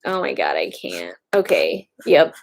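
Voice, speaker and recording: An excitable woman chatting casually, gushing while she browses online. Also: extremely low pitch, a little slow, vocal fry, slight background noise. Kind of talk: casual chat.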